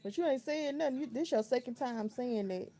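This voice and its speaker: Casting note: a Southern US woman as a livestream host, chatty and drawling, with a mellow, slightly high voice. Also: fairly quick. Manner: drawling, chatty, reacts to comments aloud. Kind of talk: casual chat reading live comments.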